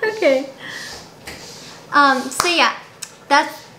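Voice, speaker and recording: A woman's voice: high-pitched, normal speed, a crowd in the background. A young woman vlogging at home, chatting to the camera in a dramatic, giggly way. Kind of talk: casual chat to camera. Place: indoors at home. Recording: roomy home recording.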